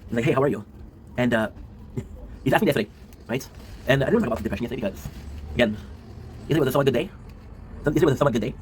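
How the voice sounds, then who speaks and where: A worn-out man in his twenties unloads in a quick, rambling confessional monologue and keeps tagging his lines with a question. His words spill out at a breakneck pace and he swears as he goes. A faint background noise sits under the voice. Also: mid-range voice, rough recording. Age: 20s. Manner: rambling, often adds a tag question and swears. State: low and worn out. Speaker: streamer and video creator.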